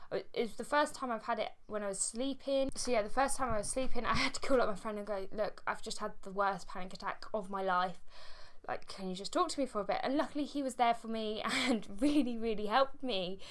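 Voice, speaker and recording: A young woman telling a personal story to camera in a candid, halting way. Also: medium pitch, a bit bright. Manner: candid, halting, with fillers and frequent laughs. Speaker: vlogger.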